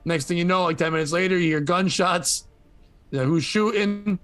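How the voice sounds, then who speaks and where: Animated man riffing on news. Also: a little high, a little fast, faint music behind. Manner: animated storytelling, swearing. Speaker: podcast host. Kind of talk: comedic news commentary.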